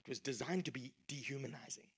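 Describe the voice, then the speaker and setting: A man preaching a sermon, emphatic storytelling that swings between loud and hushed. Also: mid-range voice, quick pace, husky.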